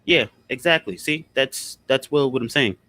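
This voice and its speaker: A man's voice: medium pitch, moderate pace, bright, forceful tone, no room sound. Blunt man in a dry casual chat. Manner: blunt, profane, repeats points for emphasis.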